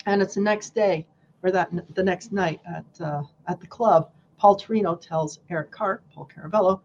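A woman guest on a casual podcast, telling a story with animated, acted-out quotes. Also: lowish voice, normal speed, dull audio, slight background noise.

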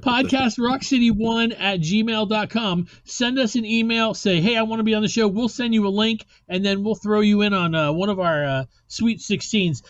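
A man with a high-pitched voice hosts a podcast in a loose, rambling way and swears casually. The sound is dry and a little dull, as if lo-fi. It is casual podcast chat. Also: fairly bright tone, no echo. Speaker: podcast host.

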